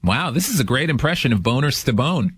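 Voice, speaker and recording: A male radio host chatting casually with callers, his pitch swinging freely as he jokes. The studio sound is dry and close. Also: very animated, fairly quick, fairly bright tone, breathy edge, no room sound.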